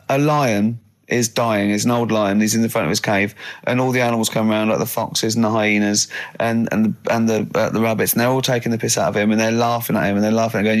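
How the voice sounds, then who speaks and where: A man hosting a radio show in a studio, chatting casually and rambling through his thoughts with frequent laughter. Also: fairly low pitch. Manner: rambling, laughs often, pleased with himself.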